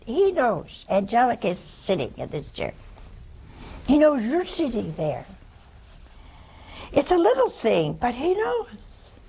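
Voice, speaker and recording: An older woman preaching a folksy, animated sermon, swinging between loud bursts and hushed asides. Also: on the high side, takes it slowly, vocal fry, long pauses, husky, poor audio.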